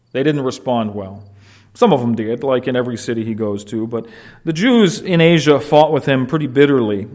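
A man preaching a sermon, explaining a passage verse by verse with rhetorical questions and acted-out quotes. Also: on the high side. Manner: animated, rhetorical questions, acts out quoted shouts. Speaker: pastor. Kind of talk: expository sermon.

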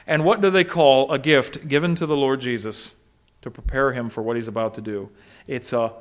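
A middle-aged man preaching a sermon as a pastor, emphatic, with hushed asides and raised voices for quotes. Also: mid-range voice, normal speed.

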